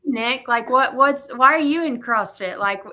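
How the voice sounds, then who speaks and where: Young adult woman, gym owner on a casual podcast, bright lively storyteller. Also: on the high side, moderate pace. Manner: animated storyteller, acts out quotes.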